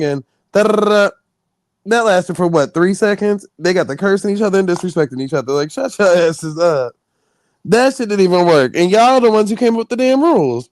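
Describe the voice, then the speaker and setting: Man, high voice, blunt profane rant, dry close sound. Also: a little fast, no room sound. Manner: blunt, profane, animated ranting. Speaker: stream host. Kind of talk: casual livestream commentary.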